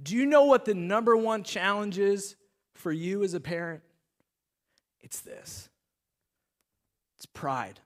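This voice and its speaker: A man with a notably high voice preaches in an animated, storytelling way. He speaks directly to his listeners as a pastor delivering a sermon. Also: normal speed. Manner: animated storytelling, talks straight to the audience.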